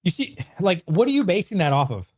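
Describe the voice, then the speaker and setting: Lively ranting man in his thirties. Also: high-pitched, a little fast. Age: 30s. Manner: excitable, swears a lot, ranting at chat. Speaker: streamer host. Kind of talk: livestream Q&A chat.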